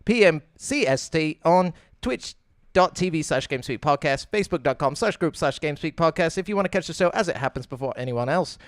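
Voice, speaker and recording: A man hosting a gaming podcast in casual chat, joking and animated. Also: a little high, no echo, studio quality. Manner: animated, joking, quick to laugh. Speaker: podcast host.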